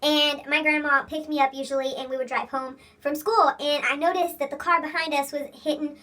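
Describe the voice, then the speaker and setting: A woman's voice: sits high, fairly even intonation, a little fast, bright, forceful tone. A young woman telling a personal story in casual, rambling vlog chat, swearing freely and laughing as she goes. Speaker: vlogger.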